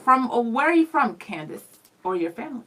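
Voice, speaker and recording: Bright, lively woman radio co-host. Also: fairly high pitch, a little fast, rough recording. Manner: lively, reads viewer comments aloud. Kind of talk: casual live-stream chat.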